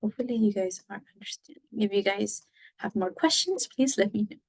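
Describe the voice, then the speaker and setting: A woman's voice: mid-range voice, expressive, brisk, dry recording, poor audio. A woman teaching a Spanish lesson, explaining patiently step by step and moving between English and Spanish. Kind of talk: recorded classroom lesson.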